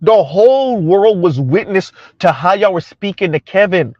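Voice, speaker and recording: High-voiced blunt man lecturing. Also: expressive, normal speed, darkish tone, no room sound. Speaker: commentary channel host. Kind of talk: casual social media commentary. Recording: dry, dull lo-fi sound.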